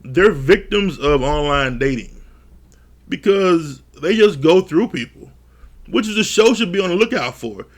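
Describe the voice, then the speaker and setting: A man's voice: a little high, a little slow. A man reviewing a reality dating show in casual, profane commentary, often laughing as he acts out what the cast said. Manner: laughs often, swears freely, animated retellings.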